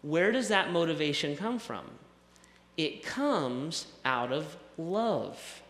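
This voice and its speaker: Male pastor, somewhat high, bright voice, conversational preaching, church hall with long reverb. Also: lively intonation, slow. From American South. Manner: conversational, self-deprecating preaching with repetitions. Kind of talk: sermon. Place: church sanctuary.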